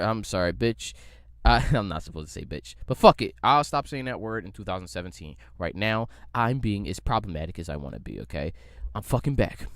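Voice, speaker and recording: A man's voice: lowish voice, animated, brisk, fairly bright tone, no echo, clean studio sound. A man hosting his own podcast, ranting and joking in a rambling, profane way. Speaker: podcast host. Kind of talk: casual comedic rant.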